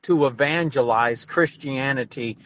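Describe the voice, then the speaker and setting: A man's voice: medium pitch, unhurried, fairly bright tone. A man who is a pastor, preaching with emphatic repetition and sudden rising bursts during a group discussion on a video call.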